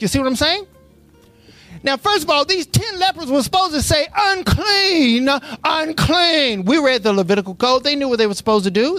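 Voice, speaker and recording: A preacher whose voice sits high reads scripture aloud in church, asking the congregation to fill in the missing words. The call-and-response sermon grows from steady Bible reading into impassioned preaching.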